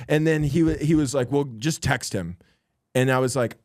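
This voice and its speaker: A man's voice: mid-range voice, moderate pace, dry recording, clean studio sound. A young man, a stand-up comedian and podcast co-host, telling a long story in casual chat and acting out the other people in it.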